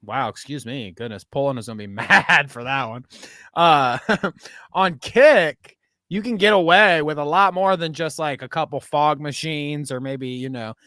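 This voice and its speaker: Male podcast host, slightly high voice, giggly and loose, dry close mic. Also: unhurried, pushed and bright, dry recording. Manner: laughs often, rambling. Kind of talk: casual chat.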